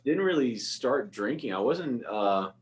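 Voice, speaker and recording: A man's voice: mid-range voice, lively intonation, a little slow. A young man chatting as a guest on a video call, telling stories and laughing at himself. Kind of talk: casual video-call chat.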